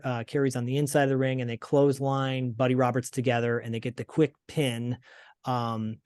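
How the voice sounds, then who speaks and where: Male podcast host, mid pitch, chatty recap full of fillers, dry close mic. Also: no room sound. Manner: chatty, hesitant with frequent fillers and restarts.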